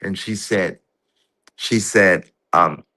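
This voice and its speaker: A man tells a story as a guest in a casual conversation, his rough, profane speech halting and restarting often. His voice is low, pushed and bright.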